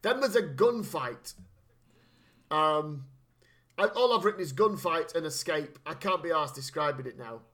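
A man's voice: fairly high pitch, animated, unhurried, fairly bright tone. A man co-hosting a casual chat, recapping a film in a jokey, rambling, sweary way. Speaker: podcast co-host.

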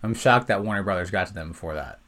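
A man chatting on a comedy podcast, ranting in an animated, profane way. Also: low voice, fast talker. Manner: animated, profane, ranting with loud acted outbursts. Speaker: podcast guest. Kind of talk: casual comedy podcast chat.

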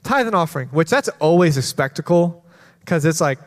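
Children's pastor, male, fairly high voice, animated storyteller, reverberant sanctuary. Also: brisk. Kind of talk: sermon testimony. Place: church sanctuary. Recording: long hall reverb.

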